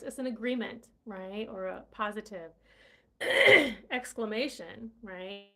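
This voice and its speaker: A woman's voice: fairly high pitch, takes it slowly, fairly bright tone. A woman hosting a casual live-stream English lesson, chatty, full of fillers and "right?" checks. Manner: chatty, many fillers and tag questions.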